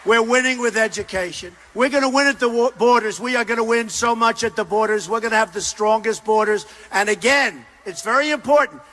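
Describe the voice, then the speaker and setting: A man in his sixties giving an emphatic, repetitive campaign speech at a rally, often shouting. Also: extremely high pitch, fairly quick, few pauses, slight background noise. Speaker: political candidate at a rally. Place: large university arena.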